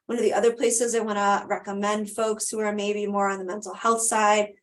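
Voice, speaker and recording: A woman's voice: mid-range voice, flat delivery, a little fast. A woman presenting a live webinar over a video call, answering questions and wrapping up in a conversational way with frequent ums.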